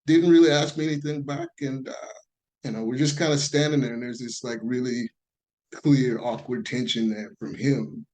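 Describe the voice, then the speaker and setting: Animated male storyteller, mid-pitched. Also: normal speed, rough recording. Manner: animated storyteller who acts out quoted voices. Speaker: podcast guest. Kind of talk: casual storytelling conversation.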